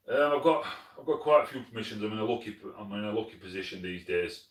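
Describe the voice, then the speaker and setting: A friendly South Yorkshire man with a deep, low voice chats through viewer comments on a live stream. He is plain-spoken and keeps calling people mate. He sits some way from the mic in an echoey room. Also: fairly even intonation, fairly quick, few pauses, distant mic. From Sheffield, South Yorkshire, England. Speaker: hunting channel host.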